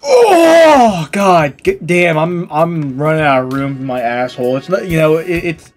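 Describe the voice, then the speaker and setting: A woman's voice: low voice, moderate pace, faint music behind. Crude, joking woman narrating a game. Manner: crude, joking, self-mocking. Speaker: gaming video creator. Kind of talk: gameplay commentary.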